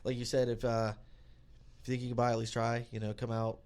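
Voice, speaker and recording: A man's voice: mid-range voice, completely flat delivery, fast talker, a little mellow, clean tone. Upbeat man hosting a podcast. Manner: upbeat, filler-heavy questioning. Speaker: podcast host.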